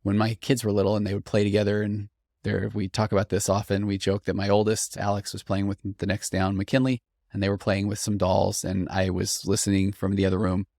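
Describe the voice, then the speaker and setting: A man's voice: on the low side, a little fast, no echo, clean studio sound. A middle-aged man hosting a podcast, talking earnestly and thoughtfully as he reads and reflects on listener stories. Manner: earnest, reflective, animated when quoting listeners. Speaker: podcast host, therapist. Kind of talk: conversational podcast monologue reading listener stories.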